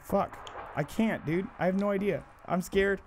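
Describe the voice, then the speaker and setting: A woman streaming a horror game, commenting nonstop in a panicky, swearing way that swings from low mutters to sudden screams. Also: moderate pace, a little mellow, a little hiss or hum.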